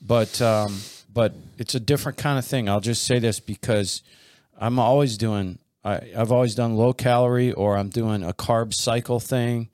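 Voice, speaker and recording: A man's voice: mid-range voice, steady tone, normal speed, few pauses, darkish tone, no echo, clean studio sound. A man hosting a podcast, chatting casually and rambling with many restarts and fillers. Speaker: podcast host. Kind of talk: casual chat.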